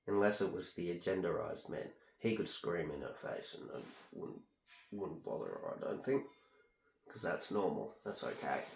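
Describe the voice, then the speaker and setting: A vlogger with a low, darkish voice and vocal fry rambles through a casual, aggrieved monologue while ear candling at home. His talk meanders, and the room around him echoes.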